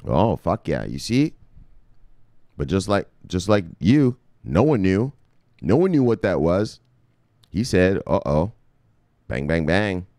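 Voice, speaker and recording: A man's voice: low-pitched, big pitch swings, slow, long pauses, a little mellow, dry recording, studio quality. A man hosting a crypto video, telling a crude, joking story in a mock-preachy way. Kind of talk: mock-sermon crypto commentary.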